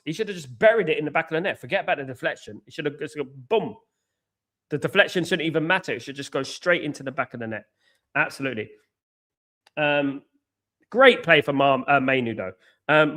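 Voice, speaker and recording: Host: young guy, fan watchalong, excitable, slightly high voice, groans and shouts at the game. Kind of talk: live football watchalong commentary.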